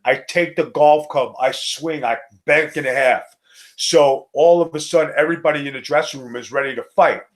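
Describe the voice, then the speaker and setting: A middle-aged man from Staten Island, telling a profane, animated wrestling story in a casual chat. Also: on the high side. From Staten Island, New York. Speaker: co-host, former wrestler.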